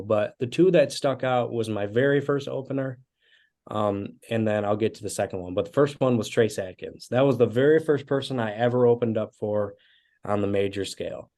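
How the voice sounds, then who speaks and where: A man in his twenties, a guest musician, telling animated stories with casual fillers in an interview. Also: fairly low pitch. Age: 20s. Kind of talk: storytelling interview.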